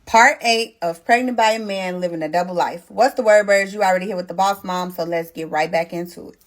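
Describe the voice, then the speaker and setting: Blunt, animated young woman telling a story. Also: lowish voice, fairly quick. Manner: animated, blunt, swears freely, addresses viewers as y'all. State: pregnant. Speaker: storytime host. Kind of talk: casual storytime chat.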